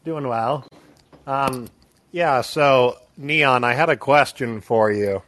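A man calling in to a podcast, a high school history teacher asking a question in a friendly, easygoing way. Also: takes it slowly, a bit bright, dry recording. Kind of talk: podcast call-in.

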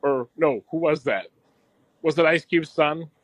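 A man's voice: fairly high pitch, measured pace, no echo. A young man co-hosting a podcast in casual chat, rambling, laughing often and swearing freely. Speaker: podcast co-host.

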